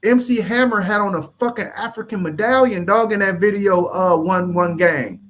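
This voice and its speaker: A man's voice: sits high, moderate pace, a bit bright, slight background noise. A man delivering a heated, profane monologue, confronting his listeners with repeated rhetorical questions. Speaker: commentary channel host.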